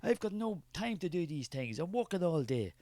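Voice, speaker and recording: A man's voice: on the high side, big pitch swings, moderate pace, mellow, no room sound. An Irish man doing a scornful penny-pinching skeptic. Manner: scornful, defensive, dismissive. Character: suspicious, money-minded male skeptic, scornful and defensive. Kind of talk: comic character sketch.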